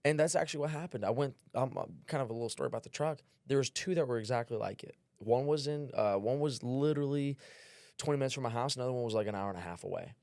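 A man's voice: medium pitch, fast, a little mellow, no echo, studio quality. A man, a sales trainer talking as a podcast guest, brash and profane, telling stories with quoted dialogue. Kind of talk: casual podcast chat.

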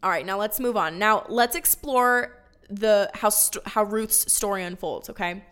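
Bubbly woman with a bright voice. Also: mid-range voice, a little slow, clean tone. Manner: bubbly, chatty, prone to laughing asides. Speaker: Bible teacher. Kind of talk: casual Bible story lesson.

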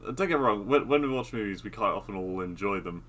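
A man's voice: fairly low pitch, lively intonation, fast talker, a bit bright. A man from Britain chatting casually about films with friends, rambling and hesitant, with many restarts. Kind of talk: casual movie review chat.

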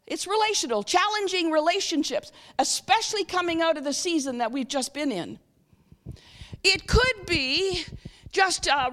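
A woman giving a sermon in a high voice that rises and falls with a lot of life. She keeps checking in with her listeners, asking them to answer her, then slows into a soft guided reflection. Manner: interactive, asks the audience frequent questions; leads a guided reflection, slow and soft at times. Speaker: guest speaker.

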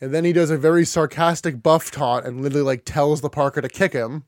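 A man with a fairly high voice, recapping wrestling matches as a podcast co-host. He narrates play by play with a dry, sardonic tone. The sound is close and dry, with no room in it. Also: steady tone, quick pace, no room sound. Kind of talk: casual wrestling recap chat.

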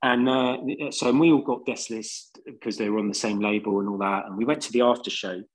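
Speaking in London English, a band singer tells casual stories on a podcast, wandering along with plenty of fillers. He has a lowish voice with fairly even intonation and a fairly quick pace, recorded with poor audio.

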